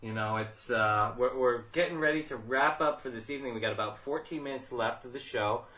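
A man's voice: mid-range voice, pushed and bright. Guy co-hosting ghost radio, teasing, lots of ums, echoey room and lo-fi sound. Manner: teasing, halting, filler-heavy. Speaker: radio co-host. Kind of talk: live paranormal radio chat. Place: dining room of a bed and breakfast. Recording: roomy, lo-fi live broadcast.

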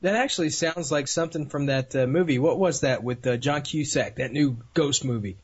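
A man's voice: mid-range voice, fairly quick, husky. A man co-hosting a radio show, joking and teasing the guest in casual banter. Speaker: radio co-host. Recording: dull lo-fi radio sound.

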